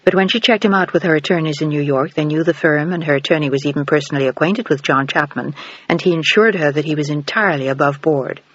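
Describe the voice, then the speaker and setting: A man reading a novel aloud as an audiobook narrator, with steady, even storytelling. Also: on the high side, fast talker, no echo. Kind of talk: scripted narration. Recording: dull, dry studio recording.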